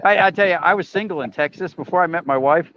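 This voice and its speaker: A man's voice: sits high, fast talker, muffled recording, a little hiss or hum. A man from Indiana telling stories in a casual group chat over a video call. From Indiana, USA. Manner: storytelling, joking. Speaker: chat participant.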